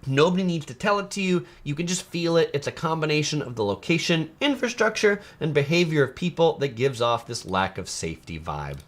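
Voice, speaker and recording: Animated male live stream host. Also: on the high side, brisk, few pauses. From United States. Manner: animated, drifts into playful mock voices. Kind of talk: casual live stream chat reading viewer comments.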